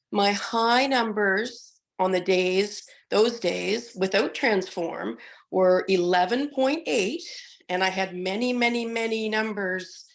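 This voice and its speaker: A hoarse, middle-aged woman giving a chatty testimonial on a group call, with frequent restarts. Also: medium pitch. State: hoarse from being sick.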